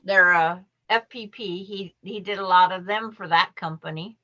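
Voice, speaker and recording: A woman's voice: on the low side, moderate pace, sharp tone. A woman co-hosting a casual quilting chat over a video call, talking in loose, trailing phrases with frequent restarts. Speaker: co-host moderating a quilting livestream chat. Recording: dull, muffled video-call audio.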